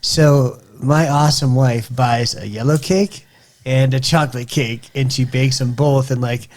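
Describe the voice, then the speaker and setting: Animated storytelling man. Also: mid-range voice, a little slow. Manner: animated storyteller, rambling with restarts. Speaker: podcast co-host. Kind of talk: casual chat over scotch tasting.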